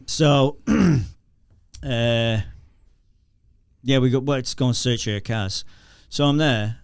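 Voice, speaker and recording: Speaking slowly in a medium-pitched, clean voice, a former explosive detection dog handler from the North of England, middle-aged, shares anecdotes as a podcast guest. He's chatty, laughs through his stories, and restarts often; the studio-quality recording is dry.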